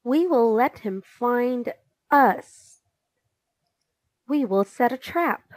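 A woman voicing a bossy boy who leads a kids' club, gruff and commanding, read slowly in a storybook reading. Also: on the high side, animated, a little mellow, no echo.

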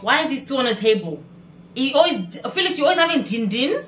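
A woman hosting a casual music video reaction, chatty and excitable, exclaiming often. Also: sits high, a little fast. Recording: echoey room with music behind.

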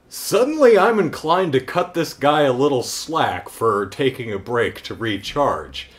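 Animated, joking man reviewing a movie. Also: mid-range voice, slow. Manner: animated, wry and joking, with rambling asides. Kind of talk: casual comedic movie review.

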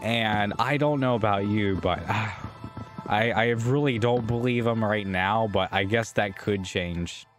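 A man's voice: on the low side, unhurried, fairly bright tone. A young man casually commenting while gaming, jittery and swearing, yelping when startled. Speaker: gaming YouTuber. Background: music.

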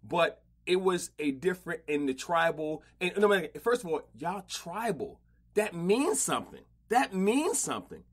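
A man hosting a casual podcast interview, slangy and animated, often repeating himself. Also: high-pitched, moderate pace, slightly rough. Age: older. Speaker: podcast host.

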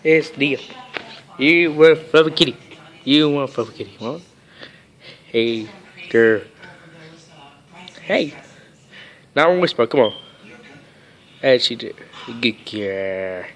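A man vlogging casually with his cats, rambling and halting with lots of fillers and soft coaxing pet talk. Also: mid-range voice, animated. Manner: rambling and halting, with many fillers and broken sentences.

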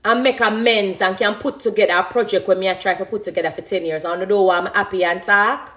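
This Jamaican-accented dancehall artist in her thirties talks fast at a medium pitch, her intonation fairly even and her tone a bit bright. Emotional and unscripted, she speaks emphatically about her career, thanking others throughout.

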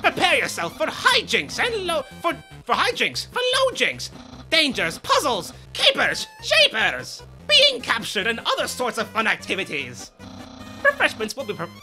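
A loud, theatrical skeleton who brags about his puzzles, voiced by a woman. The voice sits high and swoops wildly across its range. Game music plays underneath. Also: huge pitch swings, measured pace, heavily acted. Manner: grandiose, exclaiming, dramatic. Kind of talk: live fan voice-over of a game.

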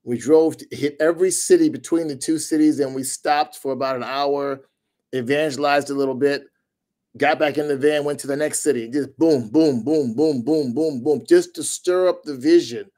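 A man's voice: a little high, moderate pace. A man speaking as a missionary leader in a conversation about ministry, emphatic and fond of repeating phrases for effect. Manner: energetic, emphatic repetition.

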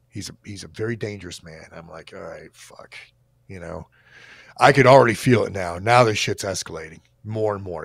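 A man coaching on a livestream, telling a story in a casual, animated and profane way. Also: on the low side, gravelly, no room sound.

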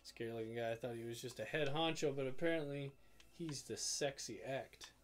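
A young man in a relaxed gaming session with friends. He talks at a medium pitch in a teasing, sarcastic way, tossing off jokes between moves. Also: brisk. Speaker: let's play co-host. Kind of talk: casual gaming chat.

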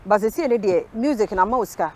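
A woman's voice: medium pitch, animated, racing, darkish tone. A Ghanaian woman hosting a talk show, asking questions and encouraging her guest with frequent exclamations. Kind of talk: casual interview chat.

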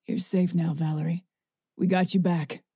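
A woman voicing a husky, stern winged man. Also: fairly low pitch, little pitch movement, normal speed, mellow, no room sound, studio quality, voice pushed down. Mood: urgent calm.

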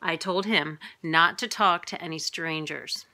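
Bright-voiced woman reading a picture book aloud. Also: a little slow, slight background noise. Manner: lively, voices characters with big pitch jumps.

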